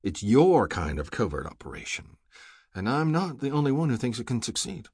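A man reading a brisk government recruiter who coaxes and presses a reluctant agent, in a husky voice. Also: medium pitch, sing-song, a little mellow, no room sound, studio quality, voice pushed up. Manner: brisk, smoothly persuasive.

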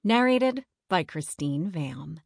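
A woman narrating a children's chapter book in a measured storytelling manner. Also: lowish voice, expressive, vocal fry, darkish tone, dry recording, studio quality. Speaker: audiobook narrator. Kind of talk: scripted children's audiobook narration.

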